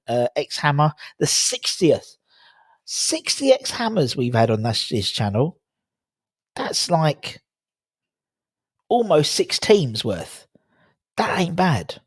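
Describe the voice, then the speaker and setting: A man's voice: a little high, dry recording, studio quality. Chatty man on a livestream. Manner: chatty, laughing at tongue twisters, rambling with fillers. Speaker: livestream host reading chat. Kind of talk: casual live chat.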